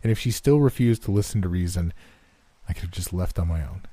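Deep, husky male horror narrator. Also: fast talker, mellow, no echo. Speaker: storyteller. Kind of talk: first-person horror story narration.

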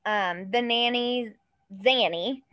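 A woman's voice: on the high side, slow pace, sharp tone, clear, resonant tone, no echo, poor audio. Chatty woman with a dry, close sound. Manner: chatty, swearing, acts out quoted voices with laughter. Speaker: podcast co-host telling a true crime case. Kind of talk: casual chat.

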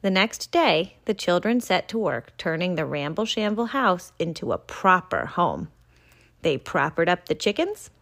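A woman reading a children's picture book aloud in an expressive storytelling voice. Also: lowish voice, measured pace, gravelly. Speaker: reader.

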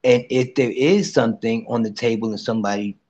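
A man hosting a casual live chat room and giving tarot readings, playful and teasing, with sudden soft asides. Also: mid-range voice, brisk, lo-fi sound.

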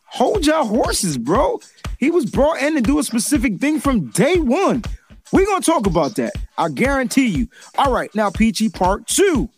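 A man hosting a casual sports chat show, animated and joking, heavy on slang. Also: very high-pitched, moderate pace, faint music behind. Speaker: podcast host.

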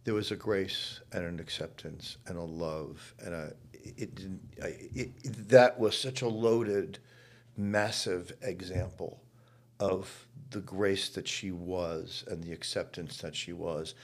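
A man with a low, husky voice telling stories. He is reflective and emphatic, moving between hushed asides and loud bursts. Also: fairly even intonation, slow. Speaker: interview guest. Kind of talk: reflective storytelling. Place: his home.

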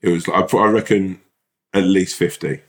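A man in his young adult years with a very deep voice, chatting loosely as a podcast co-host. He rambles, piles up fillers and swears freely. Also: fairly even intonation, moderate pace. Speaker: actor. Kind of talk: casual chat.

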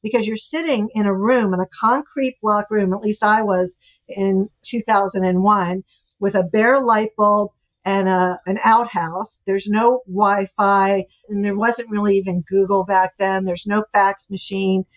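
Older woman guest, lively anecdotal storyteller, mid pitch, muffled audio. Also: a little slow. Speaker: guest, author and relationship expert. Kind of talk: storytelling in a podcast interview. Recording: dull lo-fi audio.

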